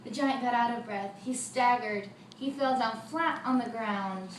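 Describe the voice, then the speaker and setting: A woman telling a folk tale for children, with lively sound effects, in a roomy recording from a distant mic with faint noise. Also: fairly high pitch, measured pace. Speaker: storyteller.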